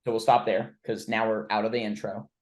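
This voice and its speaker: A man's voice: lowish voice, little pitch movement, a little fast, darkish tone. A man coaching a trainee through cold-call role-play, blunt and informal, with the odd swear word. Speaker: recruiting coach.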